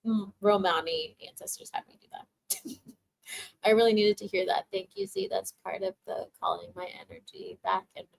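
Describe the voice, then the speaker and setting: A young adult woman chats through a spiritual livestream, reading viewer comments aloud and offering tarot guidance. She laughs often and gushes with emotional encouragement, her voice sitting at an ordinary middle pitch. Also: big pitch swings, normal speed, gravelly, poor audio.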